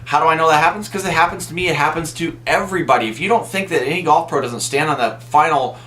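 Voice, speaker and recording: A man's voice: a little high, fast talker, a bit bright. A man talking casually to camera as a golf instructor and vlogger, telling stories in a chatty way and often restarting his sentences. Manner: chatty storytelling, frequent restarts. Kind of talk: casual direct-to-camera talk.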